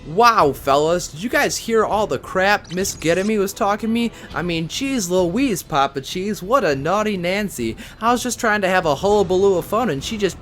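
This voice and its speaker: A man's voice: high voice, lively intonation, normal speed, hardly any pauses, a bit bright. A man trolling in in-game voice chat, goofy, mock-polite and condescending. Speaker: online gamer trolling in voice chat.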